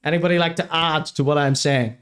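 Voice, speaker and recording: Ranting man, slightly high voice. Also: steady tone, brisk, fairly bright tone, clean tone. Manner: crude mock-serious ranting with exaggerated apologies. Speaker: podcast host. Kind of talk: live-streamed comedy rant and chat reading.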